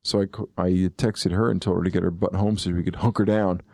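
A low-pitched man with a gravelly edge hosts a loose podcast chat. He rambles, corrects himself and chuckles along. The sound is dry and close. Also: fairly even intonation, quick pace, a little mellow, no echo. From eastern Pennsylvania. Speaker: podcast host. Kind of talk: casual chat.

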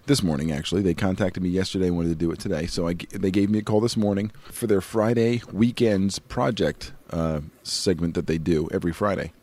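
A man's voice: low-pitched, brisk, few pauses, a little mellow. A man co-hosting a casual podcast, rambling, laughing easily and chewing while he talks. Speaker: podcast co-host. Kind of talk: casual chat.

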